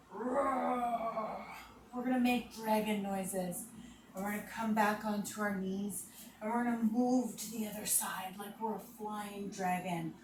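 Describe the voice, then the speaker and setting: A woman leading children through guided relaxation and yoga moves, giving slow, soothing instructions and making playful animal noises. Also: medium pitch. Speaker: kids' yoga teacher. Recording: echoey room, voice from a distance, noisy background.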